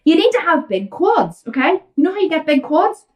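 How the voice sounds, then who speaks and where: A woman's voice: very high-pitched, very animated, a little fast, recorded from a distance. An Irish woman hosting a fitness Q&A, blunt and outspoken as she answers viewer questions. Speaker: fitness coach and host.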